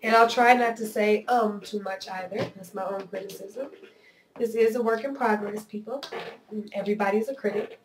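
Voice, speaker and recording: A woman's voice: medium pitch, steady tone, moderate pace, noisy background. Nasal woman vlogging with a cold. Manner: earnest, candid, reflective. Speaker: video blogger. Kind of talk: personal vlog monologue. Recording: roomy echo, voice a bit off-mic.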